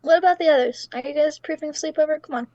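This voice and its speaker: A woman's voice: high-pitched, very fast, darkish tone, no room sound, muffled recording. A woman running a tabletop game on a live stream, playful and often laughing. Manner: giggly, playful. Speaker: game master.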